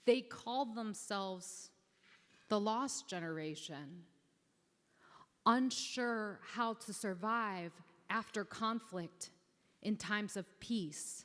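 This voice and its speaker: A woman in her forties performing spoken word poetry on stage, with deliberate, dramatic storytelling. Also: on the high side, lively intonation, fairly bright tone. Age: 40s. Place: awards event stage. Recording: long hall reverb on stage.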